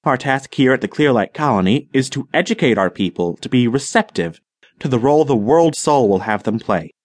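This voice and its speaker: A man's voice: mid-range voice, expressive, brisk, no room sound, clean studio sound, natural voice. A man voicing a grandiloquent, professorial older colony leader who talks in a rhetorical, dramatic way.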